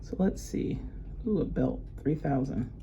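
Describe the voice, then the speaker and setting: A woman's voice: a bass voice, unhurried, dark tone, highs cut off, slight background noise. A woman chatting casually at home as she unboxes luxury goods, gushing with gasps and exclamations.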